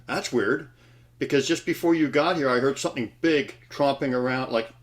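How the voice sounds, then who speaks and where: A man speaking as a panelist in a casual roundtable chat over a video call, halting and restarting his sentences. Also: mid-range voice. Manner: halting, restarts and trailing phrases.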